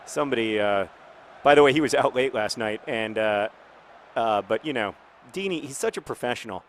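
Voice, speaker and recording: A man in his thirties hosting a game video in casual commentary, rambling and jokey, with sudden shouted outbursts. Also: medium pitch, lively intonation, moderate pace, a little hiss or hum. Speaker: game host.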